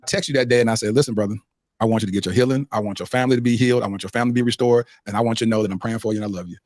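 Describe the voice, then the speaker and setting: A man's voice: fairly low pitch, steady tone, very fast, a little mellow, no echo, clean studio sound. A man hosting a podcast, speaking earnestly and emotionally in a preacher-like way, leading into a prayer. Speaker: podcast host.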